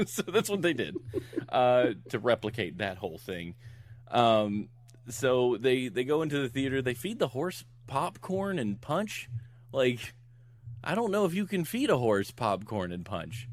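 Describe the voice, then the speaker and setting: Animated middle-aged man, lively pitch. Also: moderate pace. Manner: animated storyteller, laughs often, acts out character lines. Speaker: podcast co-host recapping a film. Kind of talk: casual chat.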